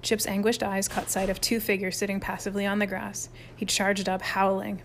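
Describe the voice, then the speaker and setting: A woman's voice: mid-range voice, level tone, brisk, slight background noise. Woman reading a storybook aloud. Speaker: audiobook reader. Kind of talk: storybook narration.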